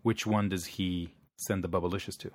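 A man's voice: low-pitched, fairly even intonation, moderate pace, background noise. A man co-hosting a podcast in casual chat, playful and fond of absurd hypotheticals. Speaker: podcast co-host.

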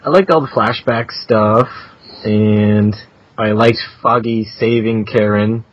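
A man co-hosting a podcast in casual chat, quick and matter-of-fact. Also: on the low side, steady tone, no echo, highs cut off.

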